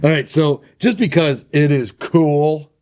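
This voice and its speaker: A man co-hosting a podcast about firearms in casual chat, relaxed and rambling, often restarting his sentences. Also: fairly high pitch, takes it slowly. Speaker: podcast co-host.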